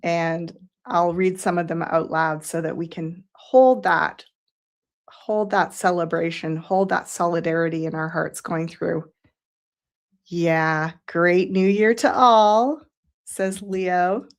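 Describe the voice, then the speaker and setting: A woman hosting a live psychic show, reading out viewer comments and thanking them one by one in an effusive, unhurried way. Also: lowish voice.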